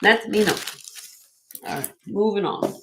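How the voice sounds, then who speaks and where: A woman's voice: medium pitch, a little slow, gravelly, background noise. A woman hosting a live online jewelry auction, chatting upbeat with viewers and laughing often. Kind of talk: live-stream auction chat.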